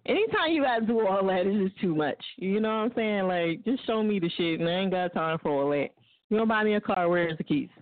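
A woman's voice: medium pitch, lively intonation, fairly quick, no room sound. A woman hosting an internet radio show, ranting bluntly and profanely and laughing often. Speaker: radio host. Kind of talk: casual talk radio rant. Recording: dry, phone-like lo-fi line.

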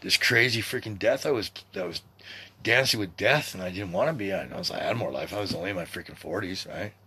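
A man in his sixties hosting a podcast, talking in a rambling, profane, animated monologue. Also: deep voice, fast talker, slightly rough. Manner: rambling and profane, with excited swings in loudness. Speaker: podcast host.

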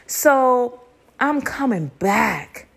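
A young woman hosting a podcast, telling a story in a casual, animated way, cursing freely and laughing between lines. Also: on the high side, drawn-out words, vocal fry, husky. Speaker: podcast host.

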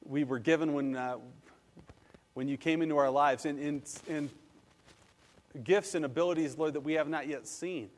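A male pastor giving a lively sermon, acting out quotes and then leading a prayer. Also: fairly high pitch, moderate pace, long pauses, long reverb tail. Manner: animated, acts out quotes and leads prayer.

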